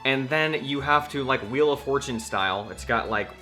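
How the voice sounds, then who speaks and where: A man's voice: medium pitch, moderate pace, sharp tone, faint music behind. A young man with an American accent, talking casually and rambling a little in a home vlog, poking fun at himself. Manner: chatty, rambling, self-deprecating. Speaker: vlogger.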